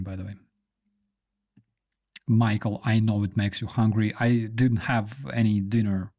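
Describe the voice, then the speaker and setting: Unhurried man chatting on a stream. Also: on the low side, steady tone, darkish tone. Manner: rambling, lots of fillers and restarts. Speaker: live stream host. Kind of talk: casual live stream chat.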